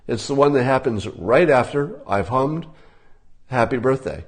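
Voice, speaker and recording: An older man talking casually, giving relaxed conversational advice and demonstrating tips as he goes. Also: mid-range voice, measured pace.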